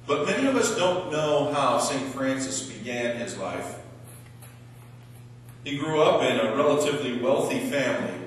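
Male pastor, slow halting sermon delivery, mid pitch, distant mic in a large reverberant sanctuary. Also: animated, a little hiss or hum. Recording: echoey church hall, mic far off.

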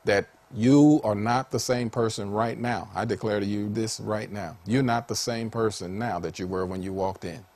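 A man a sermon with a fairly low speaking voice. He talks in an animated way, laughs often and breaks into high, excited calls. His delivery swings between quiet, earnest stretches and loud, joyful peaks. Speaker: preacher.

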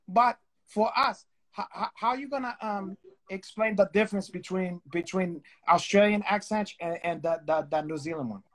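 A man co-hosting a chat show. He jokes loudly, swears freely and keeps restarting his sentences. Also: high-pitched. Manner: profane, loud, joking, halting restarts. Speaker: co-host. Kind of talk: comedic casual chat.

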